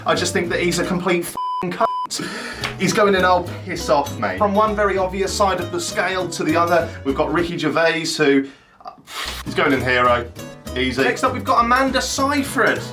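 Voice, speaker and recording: A man's voice: sits high, fairly quick, far from the mic, music in the background. A man, telling comic stories in a cheeky, sweary, self-mocking vlog. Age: 20s. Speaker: YouTuber host. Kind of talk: casual storytelling vlog.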